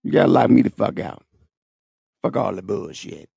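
A man's voice: sits low, moderate pace, creaky, warm tone, husky, no room sound. A man hosting his own podcast, rambling in a profane, streetwise, boastful way. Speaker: podcast host. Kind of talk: rambling solo podcast talk. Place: at home, seated in a wheelchair.

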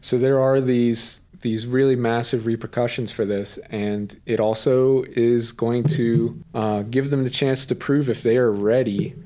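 A man's voice: mid-range voice, steady tone, a little slow, hardly any pauses, dark tone. A man co-hosting an anime recap podcast, retelling scenes in a casual, enthusiastic way full of fillers and quoted lines. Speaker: podcast co-host.

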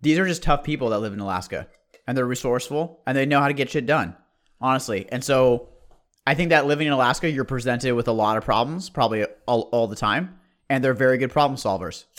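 A man's voice: medium pitch, fast, a bit bright. A man co-hosting a podcast in a blunt, laid-back, profane way. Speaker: podcast co-host. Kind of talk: casual podcast chat.

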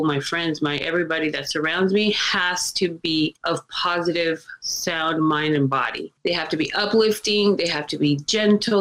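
A woman's voice: deep voice, rough recording. A woman hosting a casual podcast chat, telling stories with emphasis and acting out what other people said. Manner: animated storytelling, acts out quoted people; emphatic, repeats points. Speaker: podcast host.

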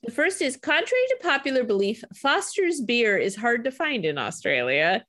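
A woman co-hosting a relaxed podcast, her pitch swinging widely as she talks. She laughs easily and rattles through trivia in a chatty way. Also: moderate pace. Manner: laughs often, animated trivia reading. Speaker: podcast co-host. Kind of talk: casual chat.

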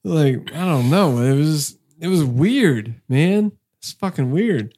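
A man co-hosting a casual movie review podcast, joking crudely and telling animated stories between laughs. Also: on the high side, slow. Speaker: podcast co-host.

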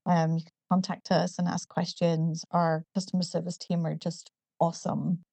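A middle-aged woman from the northeast of England with a northern English accent softened by years in America, explaining things in a measured way with frequent ums as an interview guest. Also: on the low side, flat delivery, vocal fry, dry recording. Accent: northern English, partly American. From Newcastle, northeast England. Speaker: guest, company founder. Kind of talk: casual interview.

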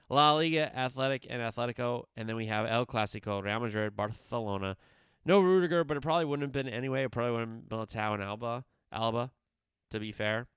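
Smooth-voiced man talking sports picks. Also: medium pitch, no room sound, studio quality. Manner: conversational, chatty with frequent fillers and rhetorical questions; grows louder and more emphatic when giving picks. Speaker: sports podcast host. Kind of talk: casual sports talk with predictions.

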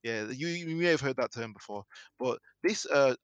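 Animated man, dry close sound. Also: mid-range voice, normal speed, smooth, no room sound, lo-fi sound. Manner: animated storyteller, lots of fillers and restarts. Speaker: podcast co-host. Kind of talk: casual podcast chat.

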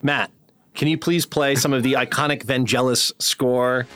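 A man's voice: medium pitch, steady tone, normal speed. A man co-hosting a casual film review podcast, talking in a wry, sardonic way with dry jokes. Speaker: podcast co-host.

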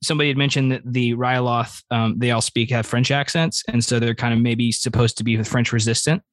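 A man's voice: medium pitch, steady tone, fairly quick, no echo. A man co-hosting a podcast, speaking in casual chat, hesitant and full of restarts. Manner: hesitant, lots of fillers and restarts. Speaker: podcast co-host.

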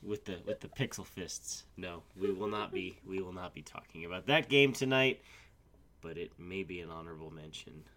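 A man co-hosting a podcast in a casual chat, a bit hoarse as he gets over a sickness, rambling with fillers. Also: low voice, normal speed, a bit bright. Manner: rambling, with many fillers and restarts. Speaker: podcast co-host.

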